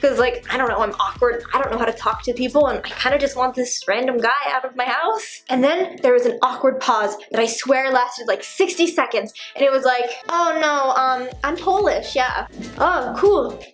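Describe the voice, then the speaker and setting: A woman's voice: sits high, a little fast, few pauses, soft background music. A young woman vlogger telling a dramatic story at home with lots of "like," recorded on an on-camera shotgun mic. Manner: animated, heavy use of "like," dramatic retelling. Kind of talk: storytelling vlog.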